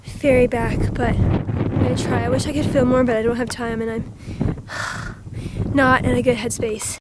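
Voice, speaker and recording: A woman's voice: a little high, level tone, moderate pace. A young woman talking to her camera while walking around outdoors, chatty and self-mocking, stumbling over her words when flustered. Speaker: travel vlogger. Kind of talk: casual travel vlog. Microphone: handheld camera mic. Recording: wind-buffeted handheld camera audio. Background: loud wind on the mic.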